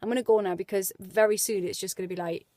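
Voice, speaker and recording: A woman's voice: medium pitch, fast, no echo, clean studio sound. A woman, chatting in a casual motivational vlog with lots of fillers. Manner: chatty and animated, with many fillers. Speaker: vlogger. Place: indoors as light fades.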